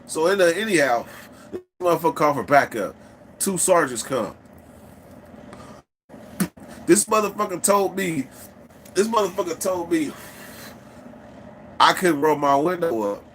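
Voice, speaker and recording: A man's voice: fairly high pitch, moderate pace, pauses often, slight background noise. A man casually telling a story, swearing freely and acting out the people in it. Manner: profane, animated, acts out quoted people.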